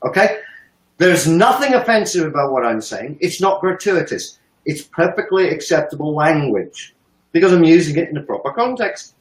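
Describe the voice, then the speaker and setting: A man ranting profanely and emphatically about politics on a live stream, with sharp swings in pitch. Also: big pitch swings, moderate pace, echoey room, low-quality recording. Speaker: economic analyst on a live stream.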